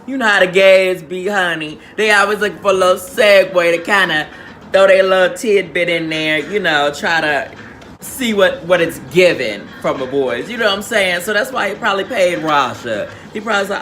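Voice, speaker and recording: A man's voice: sits high, lively intonation, moderate pace, pushed and bright, slight background noise. A man recapping a reality show in a sassy, slangy, theatrical storytelling manner. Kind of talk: casual recap commentary.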